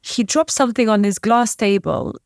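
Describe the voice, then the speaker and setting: Somewhat high and a little mellow, this woman's voice is recorded close and dry with no room sound. As a podcast guest, she tearfully tells an emotional story in an interview, stopping and restarting frequently.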